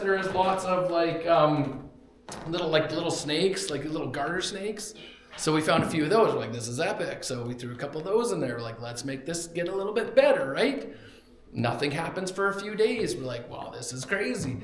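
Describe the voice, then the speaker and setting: A young man preaching a sermon in a church, telling a story animatedly and acting out the quotes. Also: high voice. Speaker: pastor. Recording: very echoey church hall.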